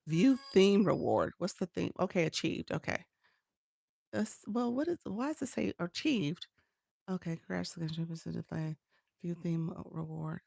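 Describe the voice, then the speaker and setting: Chatty woman with a gravelly voice. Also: on the low side, normal speed, a little mellow, no echo, studio quality. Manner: chatty, laughs often, greets viewers by name. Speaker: live-stream coach. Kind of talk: casual TikTok live chat. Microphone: phone.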